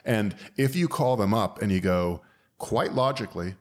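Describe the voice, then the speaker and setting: A man hosting a podcast, telling wry, joking work stories in a relaxed way. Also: lowish voice, normal speed. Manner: wry, anecdotal, does comic voices. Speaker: podcast host. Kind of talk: casual storytelling.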